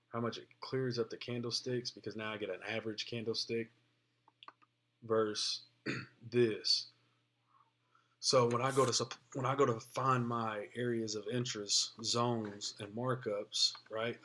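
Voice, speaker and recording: Low-ish male tutorial voice, informal explainer, lots of "uh" and "right?". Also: bright, forceful tone. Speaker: trading tutorial presenter. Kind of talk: casual screen-share tutorial.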